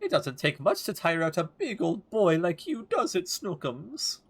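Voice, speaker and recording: A man's voice: high-pitched, wildly swooping pitch, no room sound, voice pushed up, full character voice. A man doing a cooing, doting old lady. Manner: cooing, slow and sweet. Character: doting elderly woman fussing over her cat.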